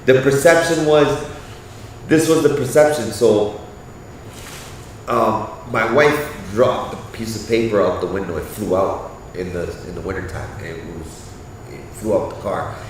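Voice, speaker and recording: A Canadian man with a lowish voice speaks a little slowly in a casual chat, blunt and profane, and keeps repeating "you get what I'm saying." He sounds echoey and far from the mic, with slight background noise.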